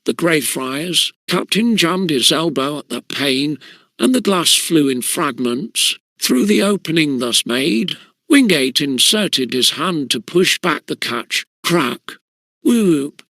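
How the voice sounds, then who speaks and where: A man reading a classic schoolboy story aloud as an audiobook, in an even, measured storytelling way with crisp diction. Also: fairly high pitch, no room sound. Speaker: audiobook narrator.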